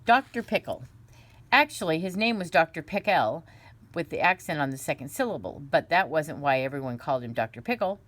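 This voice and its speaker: A woman reading a children's book aloud in an unhurried, gentle way, with small slips and restarts. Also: low-pitched, expressive. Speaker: reader.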